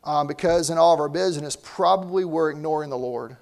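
A man's voice: fairly high pitch, brisk, creaky. A man preaching a sermon as pastor, in a conversational way that often repeats words.

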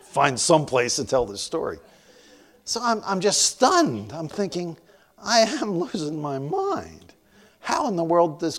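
Lively man in his sixties preaching. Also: medium pitch. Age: 60s. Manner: animated storyteller, laughs often at himself. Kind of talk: storytelling sermon.

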